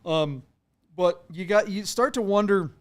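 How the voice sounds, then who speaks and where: Guy with a pretty high voice, rambling car talk, lots of ums and restarts. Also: measured pace. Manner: rambling, self-correcting, many fillers. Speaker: podcast co-host. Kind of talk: casual car auction chat.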